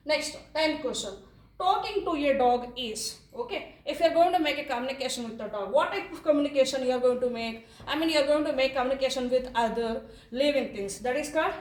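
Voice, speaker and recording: High-voiced Indian woman teaching in an echoey room. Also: distant mic. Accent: Indian English. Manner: explains each answer, repeats options slowly, frequent "okay". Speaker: English teacher. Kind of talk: exam answer walkthrough lesson.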